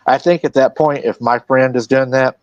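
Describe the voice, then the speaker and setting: A man's voice: mid-range voice, moderate pace, dry recording, dull audio. Man hosting a live stream, dry sound. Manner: relaxed retelling of a witness's account, with quoted lines. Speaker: host.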